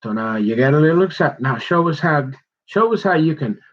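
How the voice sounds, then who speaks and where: A man with a slightly high voice rambles through a loose, colloquial monologue. He jumps from thought to thought and slips into quoted voices. The phone recording sounds dull and lo-fi. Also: animated, a little fast.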